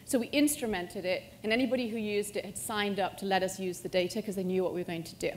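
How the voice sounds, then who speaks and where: A middle-aged woman presenting a live software demo at a conference, joking and self-mocking as she goes. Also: medium pitch, fast talker, slight background noise. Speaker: conference speaker. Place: conference hall stage.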